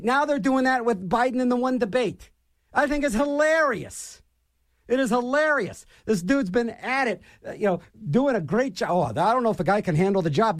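A man's voice: sits high, no echo, studio quality. A middle-aged man hosting a radio show and delivering an opinionated political rant, scornful and repeating his phrases for emphasis.

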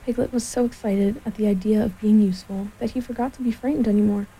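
A woman reading a children's storybook aloud in a gentle, steady way. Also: mid-range voice, fast, breathy edge, rough recording.

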